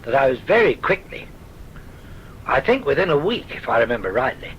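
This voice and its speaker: A man's voice: mid-range voice, sing-song, a little fast, a bit bright, lo-fi sound, slight background noise. An older man with a southern English accent, genteel and wry, telling his memories for a recorded oral history. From south of England. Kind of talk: recorded reminiscence.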